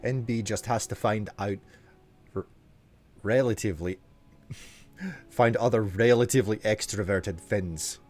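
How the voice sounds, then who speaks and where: A man streaming a game live, chatting and joking as he reacts out loud to what happens in it. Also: on the low side, measured pace, pauses often, soft background music. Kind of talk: live gameplay commentary.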